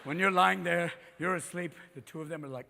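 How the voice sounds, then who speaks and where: High-energy stand-up comic, high lively voice, gravelly edge, bright, reverberant live hall. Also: male voice, fairly quick. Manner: manic, profane, jumping into voices. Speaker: stand-up comedian. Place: live theater stage.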